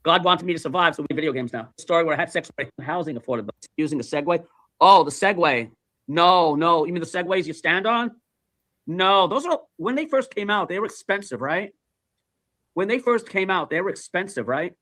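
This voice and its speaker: A man hosting a livestream, chatting casually as an animated, profane storyteller who repeats himself. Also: on the high side, a little fast, dry recording. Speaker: livestream host. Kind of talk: casual chat.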